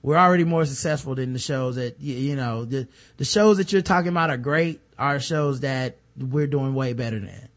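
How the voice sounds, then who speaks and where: A man co-hosting a podcast, chatting casually and reading listener emails aloud with low muttered asides. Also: moderate pace, few pauses. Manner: laid-back, drops into a low mutter for asides, reads letters aloud. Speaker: podcast co-host.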